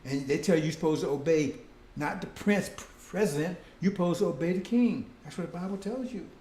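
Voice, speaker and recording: A man preaching a rambling, repetitive sermon who keeps checking with his listeners. His voice sits high for a man, but the tone is mellow and dark. The sound is roomy, with echo. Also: fairly quick. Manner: repetitive, keeps asking "see?" and "right?"; addresses "brothers and sisters".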